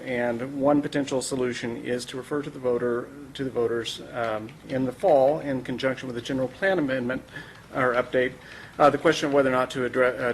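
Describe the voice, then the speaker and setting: A man's voice: medium pitch, a little hiss or hum, low-quality recording. A man giving a formal, explanatory presentation to a city council, orderly but with frequent fillers.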